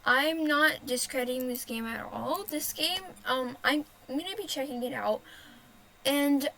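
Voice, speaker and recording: A young woman hosts a gaming video, chatting casually and rambling over the gameplay while often correcting herself mid-sentence. Her voice sits high and is creaky with a sharp tone, and she speaks a little slowly. The recording is low quality.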